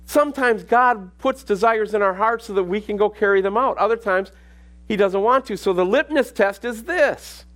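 A man's voice: sits high, moderate pace, a bit bright. A middle-aged man preaching a sermon, telling a personal story and building to emphatic, repetitive exhortation. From Minneapolis. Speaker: pastor.

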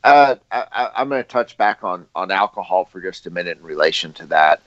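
A man with a very low voice talks haltingly, restarting his sentences often. The recording is dry and dull, with no room sound. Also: lively intonation, fairly bright tone, no echo. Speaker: podcast co-host. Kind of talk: casual chat.

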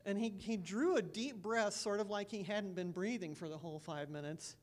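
A woman pastor sharing earnest personal stories in a church sermon, with soft laughs between thoughts. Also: medium pitch, normal speed.

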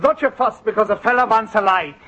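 A brash wisecracking classmate. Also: male voice, high-pitched, bright, forceful tone. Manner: brash, fast one-liners. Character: wisecracking adult male night-school student, cocky clown. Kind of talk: 1940s radio sitcom acting. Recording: muffled old radio broadcast with audience laughter.

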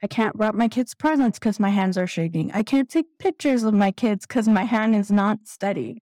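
A woman in her thirties, a guest candidly telling a painful personal story in a halting, emotional way, close to tears. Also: mid-range voice, dark tone, dry recording, low-quality recording. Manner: candid, halting, tearful at times. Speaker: guest sharing recovery story.

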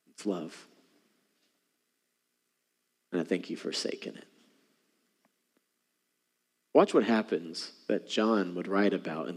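A man preaching a sermon as pastor, animated, swinging from hushed, intimate lines to emphatic ones. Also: low voice, long reverb tail.

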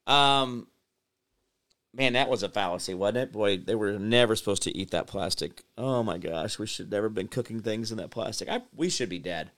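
Man, host, casual commentary, rambling, direct address, lowish pitch, smooth clear voice. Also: brisk, hardly any pauses. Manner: rambling, talks to his audience directly.

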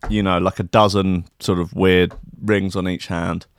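A man's voice: sits low, little pitch movement, unhurried, smooth, no echo, clean studio sound. A man telling a comic anecdote in a wry, rambling, sarcastic way. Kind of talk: comic storytelling monologue.

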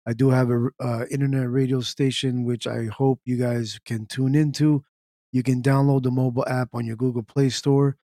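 Casual man hosting a podcast, flat voice. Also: medium pitch, moderate pace, dry recording, clean studio sound. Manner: loose and chatty, with fillers and throat clearing. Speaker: podcast host. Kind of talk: casual solo podcast talk.

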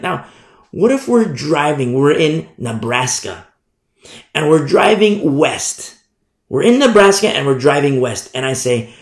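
Gravelly, animated man preaching in an echoey room. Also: fairly high pitch, moderate pace. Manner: animated storytelling, acts out shouted warnings. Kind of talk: sermon.

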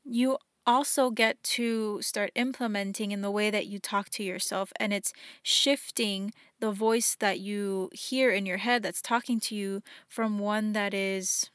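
A woman's voice: mid-range voice, steady tone, measured pace, hardly any pauses, a bit bright, no echo, studio quality. A young woman hosting a reflective solo podcast, talking in an earnest, encouraging way and acting out the voices in her head. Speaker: podcast host.

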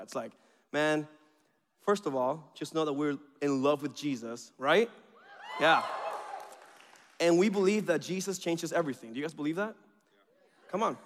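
A man's voice: a little high, fairly quick, long pauses. Chatty man preaching in a reverberant hall. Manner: chatty and energetic, many fillers. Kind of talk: casual sermon. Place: church auditorium. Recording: long reverb of a large hall.

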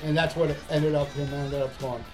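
A man co-hosting a podcast in casual chat, telling stories and reading listener comments with animated, profane energy. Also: on the high side, brisk, soft background music. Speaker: podcast co-host.

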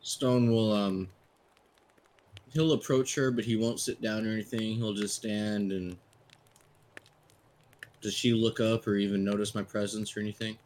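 A man taking part in an online tabletop game, plainly describing what his character does. His voice is low and very flat. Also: a little slow, pauses often. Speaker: player. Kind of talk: tabletop role-play.

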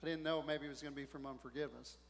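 A male pastor preaching a sermon in a conversational, animated way, often asking the congregation questions. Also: on the high side, racing, gravelly, a little hiss or hum. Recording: long hall reverb.

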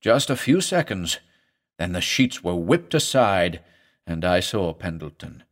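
A man narrating a horror story for an audiobook in a grave, measured, dramatic way. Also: sits low, big pitch swings.

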